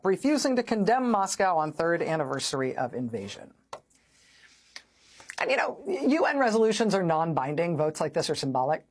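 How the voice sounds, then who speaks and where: A woman's voice: fairly high pitch, husky. A woman hosting a news show, delivering sarcastic, incredulous political commentary. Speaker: host.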